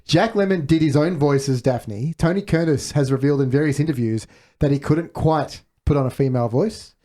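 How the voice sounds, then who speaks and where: A man's voice: fairly high pitch, fairly quick, warm tone. Man hosting a film chat, reading out trivia. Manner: leads with questions and reads out trivia. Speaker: podcast host. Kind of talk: casual movie discussion.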